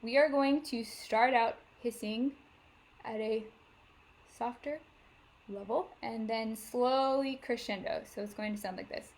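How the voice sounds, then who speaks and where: A choir director leading vocal warm-ups over a video call, coaching step by step with frequent cues to get ready. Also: female voice, fairly high pitch, steady tone, measured pace. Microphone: video call microphone. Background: piano she plays for the exercises.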